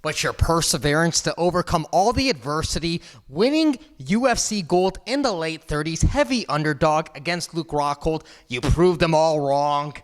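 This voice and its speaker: A man's voice: on the high side, animated, normal speed, hardly any pauses. A man hosting a comedic interview at a kitchen table, playful and showy, calling himself by name in the third person. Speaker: interview host.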